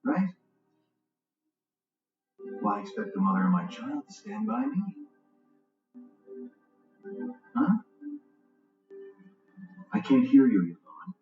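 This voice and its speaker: A man's voice: high-pitched, wildly swooping pitch, a little slow, long pauses, soft background music, full character voice. An actor playing a defensive, short-tempered man, heard as a distant, dull, roomy TV movie track. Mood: coaxing. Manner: shifts from easy to snapping and coaxing. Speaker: suspect being questioned by police. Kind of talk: TV movie acting. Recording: dull, roomy TV audio from far off.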